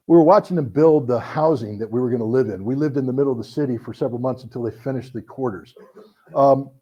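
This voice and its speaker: A man's voice: medium pitch, highs cut off. A middle-aged American man telling anecdotes to an audience at a book talk, acting out the people he quotes. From United States. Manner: animated anecdotal storytelling with voiced quotes. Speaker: author giving a book talk.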